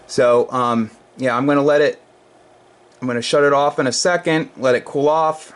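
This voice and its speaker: A man's voice: medium pitch, fairly even intonation, a little slow. Tired man rambling in his repair shop. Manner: rambling, restarts, talks while testing gear. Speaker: amp repair technician. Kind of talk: casual workshop vlog. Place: repair workshop.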